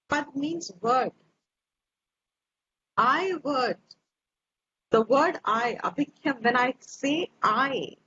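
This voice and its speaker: High-voiced woman teaching slowly. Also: a bit bright. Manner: slow, reflective, repeats phrases. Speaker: Vedanta teacher. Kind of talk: spiritual lecture over video call. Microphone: video call. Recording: dull lo-fi audio with faint hiss.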